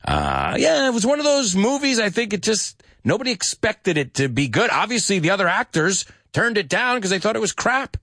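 A man teaching English with movie scenes, acting out lines in a lively voice and adding short glosses. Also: normal speed, hardly any pauses, no echo, clean studio sound. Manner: lively, acts out quoted lines in higher pitch, mixes in Spanish glosses.

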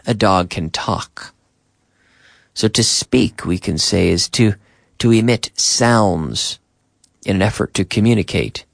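A man teaching an English lesson on the radio, drilling phrases slowly and repeating them, with short glosses added in between. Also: on the low side, creaky, dry recording, studio quality. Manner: slow, repetitive drilling with Spanish glosses. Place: radio studio.

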